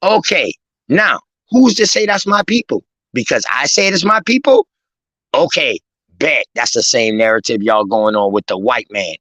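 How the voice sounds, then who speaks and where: A man, swearing and shouting down others in a heated argument on a live stream. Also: mid-range voice, lively intonation, normal speed, no room sound, rough recording. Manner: angry, profane, confrontational.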